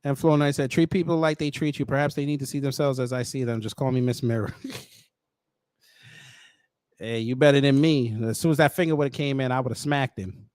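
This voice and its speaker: A man's voice: mid-range voice, steady tone, a little fast, darkish tone, clear, resonant tone, no room sound, studio quality. A man hosting a casual commentary show, blunt and mocking in his asides.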